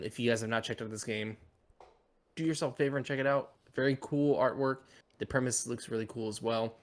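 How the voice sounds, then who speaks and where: Relaxed man hosting a podcast. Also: mid-range voice. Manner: relaxed, with filler pauses. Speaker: podcast host. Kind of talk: casual podcast chat.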